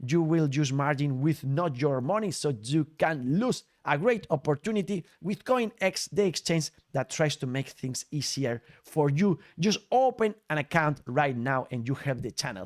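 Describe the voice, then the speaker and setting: A man's voice: on the high side, expressive, moderate pace, few pauses. A man hosting a crypto news show, upbeat and jokey, with nonnative phrasing. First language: Spanish. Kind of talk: casual news commentary over clips.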